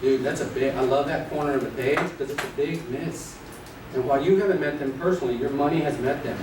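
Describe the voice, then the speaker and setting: A man teaching a live class of real estate agents, playful and energetic, acting out little scenes and quizzing the audience. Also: mid-range voice, quick pace. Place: training room with an audience. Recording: echoey room, distant mic, noisy.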